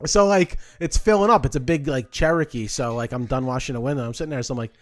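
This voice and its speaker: Animated storytelling man, lively pitch. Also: brisk. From New Jersey. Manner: animated, laughs often, acts out his own past lines. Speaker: podcast host and comedian. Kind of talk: casual storytelling chat.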